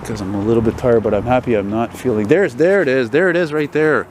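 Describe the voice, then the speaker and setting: Brief: man, mid-pitched, casual profane street vlogger, handheld camera with busy street noise. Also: fast talker, a little mellow, low-quality recording. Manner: rambling, profane, wry asides. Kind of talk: walking vlog narration. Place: city street outdoors.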